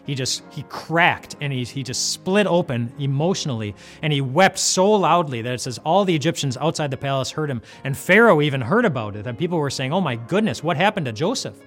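A man's voice: fairly high pitch, lively intonation, a little fast, hardly any pauses. A man giving a casual devotional Bible talk as host. He speaks conversationally and often restarts and repeats words. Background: faint music.

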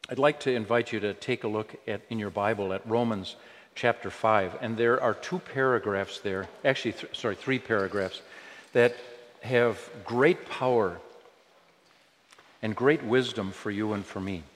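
A man's voice: lowish voice, moderate pace. Man preaching in a reverberant hall. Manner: earnest preaching with rhetorical questions. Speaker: pastor. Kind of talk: sermon.

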